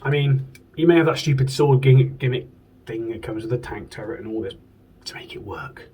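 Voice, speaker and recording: A man's voice: mid-range voice, fairly quick, dark tone, distant mic, a little hiss or hum, poor audio. A man from the UK, chatting casually and enthusiastically as a toy collector and swearing now and then. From United Kingdom. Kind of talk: casual chat. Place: home room.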